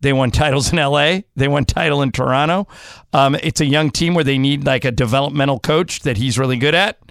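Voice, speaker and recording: A man hosting a casual sports talk show, firing off quick questions to get his co-hosts' opinions. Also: mid-range voice, gravelly, no room sound, clean studio sound. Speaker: host.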